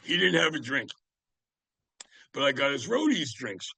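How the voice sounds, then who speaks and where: Gravelly older man telling rambling stories. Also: mid-range voice, big pitch swings, a little slow, bright, forceful tone, no room sound. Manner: rambling, with many fillers and restarts. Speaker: guest, music writer. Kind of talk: casual anecdotal storytelling.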